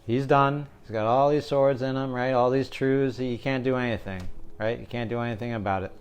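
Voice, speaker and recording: Casual male tarot reader, young, smooth resonant voice, jokey and digressive. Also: medium pitch, steady tone, fairly quick. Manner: joking, rambling, keeps asking "right?".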